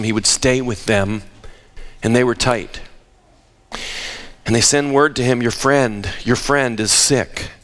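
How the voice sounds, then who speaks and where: A man preaching a sermon, asking rhetorical questions and dropping to hushed tones for emphasis. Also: clear, resonant tone. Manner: dramatic, drops to hushed low tones for emphasis; asks the audience rhetorical questions.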